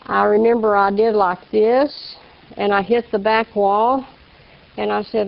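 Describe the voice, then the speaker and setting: A woman with a gravelly, creaky voice tells her testimony in a folksy storytelling way. She acts out the voices of the people in her story. The recording is a little dull and lo-fi. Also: medium pitch, fairly even intonation, measured pace. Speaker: speaker giving a testimony. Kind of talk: personal testimony.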